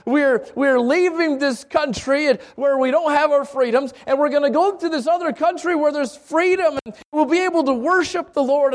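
Man, high voice, pastor, sermon, storytelling, repeats words, middle-aged. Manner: storytelling with many restarts and stammers.

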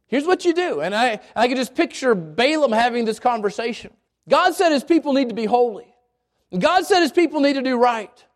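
Brief: male pastor, strikingly high voice, animated folksy sermon storytelling. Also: brisk. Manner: animated, folksy, many restarts.

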